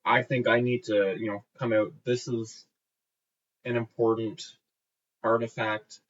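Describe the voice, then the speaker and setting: A man playing a tabletop game, hesitant and thinking out loud as he decides his moves. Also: medium pitch, little pitch movement, measured pace. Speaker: player. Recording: dull lo-fi recording with faint music.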